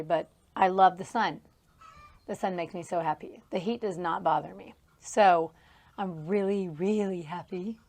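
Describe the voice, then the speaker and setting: A woman in her thirties hosting a casual podcast, telling rambling stories with frequent laughter, recorded outdoors on a farm. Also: medium pitch. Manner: chatty, laughs often, rambling asides. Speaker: podcast host. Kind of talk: casual solo podcast storytelling. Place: outdoors near a horse trailer on a farm.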